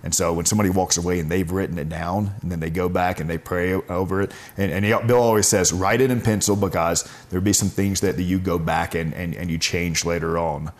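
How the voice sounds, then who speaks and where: A man's voice: sits low, steady tone, fast talker, hardly any pauses. A man telling stories as a guest in a casual interview, earnest and often stumbling over repeated words. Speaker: podcast guest.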